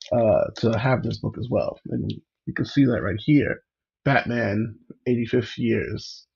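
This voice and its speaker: A man's voice: mid-range voice, creaky, darkish tone, slightly rough, highs cut off. A man hosting a casual livestream, chatting and greeting viewers by name. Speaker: livestream host.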